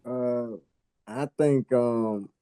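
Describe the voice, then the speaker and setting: A male panelist, hesitant and slow to get his point out. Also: medium pitch, steady tone, dark tone, clear, resonant tone. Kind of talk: casual panel discussion.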